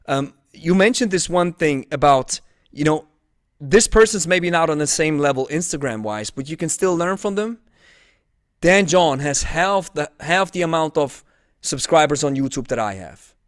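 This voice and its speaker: A man hosting a casual podcast chat, enthusiastic and affirming, quick to cheer his guest on. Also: a little high, dry recording, clean studio sound. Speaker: podcast host.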